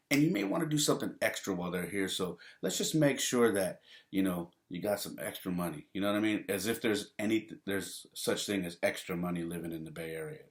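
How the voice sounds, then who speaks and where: Laid-back deep-voiced man telling stories. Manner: laid-back, rambling, laughs often, says "man" and "you know". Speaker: podcast host. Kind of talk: casual solo podcast storytelling.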